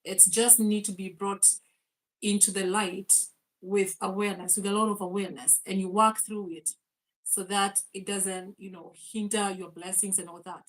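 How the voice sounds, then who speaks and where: A woman's voice: mid-range voice, fairly even intonation, moderate pace, low-quality recording. A woman, hosting a faith and mindset livestream, laughing often and greeting viewers by name. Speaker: host.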